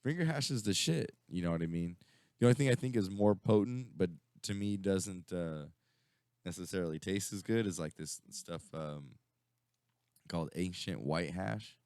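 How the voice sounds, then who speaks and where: Low-voiced man rambling profanely. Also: normal speed, a little mellow, clear, resonant tone, dry recording, clean studio sound. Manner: rambling, profane storytelling with many fillers. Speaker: radio show co-host. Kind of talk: casual stoner chat.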